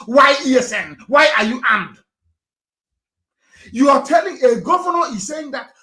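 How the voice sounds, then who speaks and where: A man giving a confrontational live broadcast speech. He swings between shouting and low, intense delivery and repeats phrases for emphasis. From Nigeria. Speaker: broadcaster addressing listeners.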